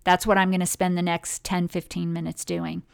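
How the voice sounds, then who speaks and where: A woman's voice: fairly low pitch, flat delivery, moderate pace, gravelly, smooth. A woman hosting a motivational talk on well-being, speaking directly and conversationally to her listeners.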